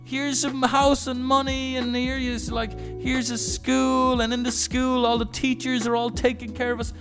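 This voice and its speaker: A man's voice: very high-pitched, level tone, normal speed, music in the background, voice pushed up. A man putting on a cooing, doting caretaker in baby talk. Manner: sing-song baby talk. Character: doting adult cooing over a coddled child.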